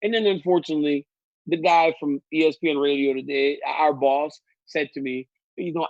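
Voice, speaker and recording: A man, a guest telling animated stories in casual chat and laughing often. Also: a little high, moderate pace, dry recording. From Louisiana. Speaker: guest analyst. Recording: dull, lo-fi remote feed.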